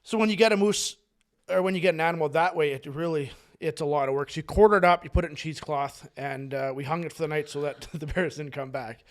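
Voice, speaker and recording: A man's voice: a little high, fast talker. A man on a casual podcast, telling rambling, profane stories and laughing along as he talks. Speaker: podcast co-host.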